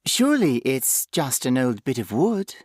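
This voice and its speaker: A man's voice: mid-range voice, big pitch swings, unhurried, a little mellow, no room sound, clean studio sound, pitched above the performer's own voice. A man voicing an anxious, fretful young woman homeowner.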